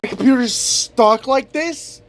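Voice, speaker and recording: A young man, a student vlogger, ranting to the camera in exasperation, swearing constantly and breaking into shouts. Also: very high-pitched, measured pace. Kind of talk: profane rant to camera.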